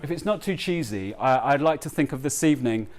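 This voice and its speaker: A man addressing a live audience at a book launch. He speaks at a middling pitch, earnestly and haltingly, with frequent ums and restarted phrases. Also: animated. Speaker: author giving a talk. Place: live event before an audience.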